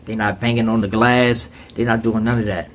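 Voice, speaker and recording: A man's voice: lowish voice, little pitch movement, brisk, slight background noise. A man telling a story in casual, streetwise slang, with frequent conversational asides.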